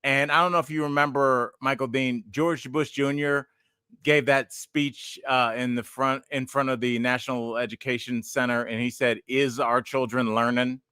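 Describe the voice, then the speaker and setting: A man's voice: mid-range voice, steady tone, moderate pace, bright, forceful tone, clear, resonant tone, no room sound, clean studio sound. A man in his forties, a podcast host and stand-up comedian, chatting casually and telling rambling, digressive stories.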